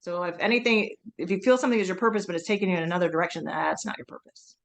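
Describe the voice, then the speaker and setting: A woman co-hosting a faith podcast, talking earnestly and quickly and laughing often. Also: on the low side, vocal fry. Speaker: podcast co-host.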